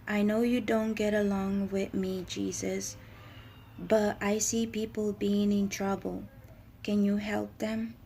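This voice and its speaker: Woman, personal reflection, hesitant, flat monotone, slow delivery. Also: medium pitch, gravelly, slight background noise. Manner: halting, hesitant, searching for words. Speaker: speaker sharing her own writings. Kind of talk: personal spoken reflection on faith.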